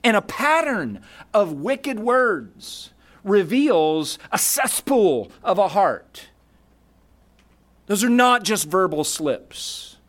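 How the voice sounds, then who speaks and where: Male pastor preaching, high lively voice, lots of rhetorical questions. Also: drawn-out words. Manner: emphatic, rhetorical questions, reads scripture aloud. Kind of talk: sermon.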